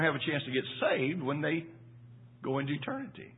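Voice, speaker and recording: A man's voice: on the high side, lively intonation, fairly quick, slightly rough. An older man preaching a sermon in a folksy storytelling way, repeating his words as he goes. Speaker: pastor. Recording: tinny phone-like sound.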